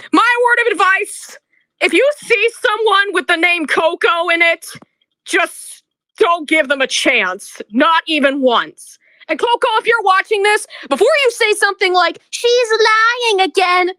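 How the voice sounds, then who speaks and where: A woman with a very high, bright voice delivers a bitter, accusing rant straight to camera. She speaks slowly and stammers over her words. The recording is dry and close. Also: animated, no room sound. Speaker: video creator. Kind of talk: emotional rant vlog.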